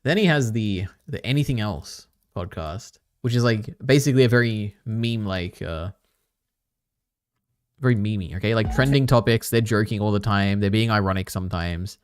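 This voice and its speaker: On a live stream, a man whose voice sits on the low side chats at a moderate pace with a clean tone, reacting to clips. His talk wanders, packed with fillers and casual remarks to the chat. There's no room sound; it's studio-quality audio.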